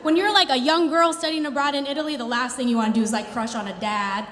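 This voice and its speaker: A woman in her thirties performing a stand-up comedy routine, telling an animated story with playful put-on quotes. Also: sits high, quick pace. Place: theater stage before a live audience. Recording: reverberant hall with faint ambience.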